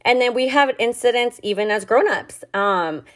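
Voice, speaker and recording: A woman's voice: on the high side, lively intonation, normal speed. A young woman hosting a podcast, telling a personal story in a candid, confessional way, swearing often and filling her talk with "like.". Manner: candid, heavy swearing and filler "like". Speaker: podcast host.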